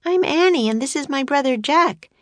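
A woman reading a storybook aloud and voicing an eager, excitable young girl who talks boldly. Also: high-pitched, moderate pace, dry recording, pitched above the performer's own voice. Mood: chatty. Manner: bright, excitable, bold.

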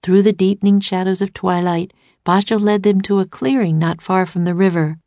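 A woman narrating a storybook aloud in a steady, clear way. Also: medium pitch, normal speed, no echo.

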